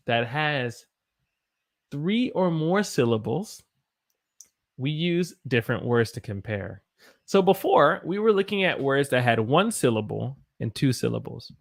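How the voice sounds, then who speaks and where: A man's voice: a little high, sing-song, takes it slowly, vocal fry. Chatty American man teaching English live. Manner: chatty, answers viewer comments as he teaches; stops to self-correct and search for examples. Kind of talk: live-streamed English lesson.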